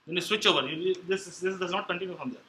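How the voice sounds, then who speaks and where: A man with a high-pitched, bright, forceful voice talks very fast at a tech meetup, presenting on Android programming in a meeting room and fielding audience questions. His step-by-step explanation is peppered with fillers and restarts, and the rough recording has a little hiss or hum.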